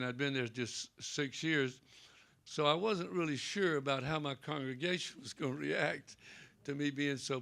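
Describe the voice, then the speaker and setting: An older Southern man's voice, on the high side, bright and forceful with vocal fry. As a Presbyterian pastor on a library panel, he tells homey stories in the event room and plays out the dialogue.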